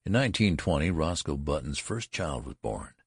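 A man narrating a story aloud in a measured, expressive way. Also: extremely low pitch, husky, no echo, studio quality. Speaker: audiobook narrator. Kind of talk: scripted narration.

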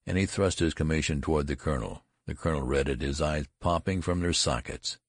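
A man narrating a story as an audiobook, with an expressive reading. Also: fairly quick, dry recording, clean studio sound. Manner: deep, gravelly, expressive reading.

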